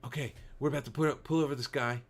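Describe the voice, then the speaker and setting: A man's voice: medium pitch, steady tone, fast talker, pitched above the performer's own voice, lightly acted. Man doing a mumbling tough-guy action star.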